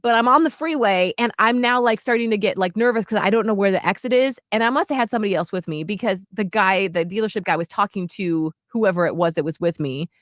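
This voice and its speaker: A woman co-hosting a radio show, telling a story in lively casual chat. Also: mid-range voice, fast talker, few pauses, dry recording, clean studio sound. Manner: animated storytelling, acts out quotes.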